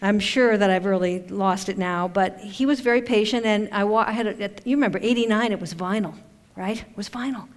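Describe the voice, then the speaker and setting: Woman chatting from a conference stage, friendly and joking at herself, middle pitch, big hall echo. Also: fairly quick. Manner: chatty and conversational, with self-deprecating humor. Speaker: conference speaker and author. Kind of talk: informal conference talk. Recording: long hall reverb.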